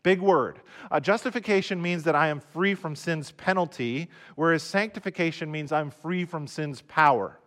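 Conversational male pastor, slightly high voice. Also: moderate pace, fairly bright tone. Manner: conversational, repeats words when restarting. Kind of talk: sermon. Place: recorded for online viewers at home.

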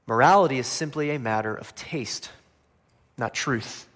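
A man preaching a sermon, animated, acting out voices of people he speaks of and dropping quietly at line ends. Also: medium pitch, moderate pace. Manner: animated, acts out quoted voices of biblical figures; swings between loud emphasis and quiet, dropping line ends. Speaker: pastor.

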